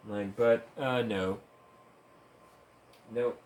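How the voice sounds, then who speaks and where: A man's voice: mid-range voice, animated, a little slow, slight background noise. Profane ranting man in a roomy echo. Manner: profane, heated, sarcastic, breaks into laughs. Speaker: gaming streamer. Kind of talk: ranting commentary while gaming. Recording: roomy echo, faint ambience.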